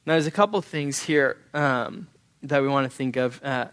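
A young adult man preaching a sermon, telling a personal story in an earnest, halting way and often clearing his throat. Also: mid-range voice, fairly bright tone. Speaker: pastor.

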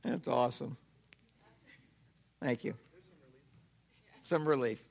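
A man preaching a sermon, animated and emphatic, asking questions and answering them himself. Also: medium pitch, takes it slowly, gravelly. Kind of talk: expository sermon.

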